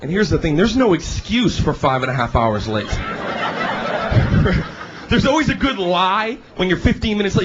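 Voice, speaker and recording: Male stand-up comic, high and animated, shouty, live club set, dull recording with roaring crowd. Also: a little slow. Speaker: stand-up comedian. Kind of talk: stand-up comedy routine. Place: comedy club stage. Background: audience laughter.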